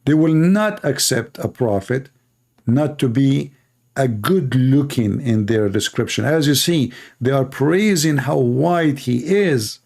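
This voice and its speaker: Gravelly, mocking Arabic-accented man. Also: mid-range voice, animated, slow, darkish tone. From Middle East. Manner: mocking, sarcastic, teasing. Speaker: host, Christian apologist. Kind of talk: debate show talk with callers.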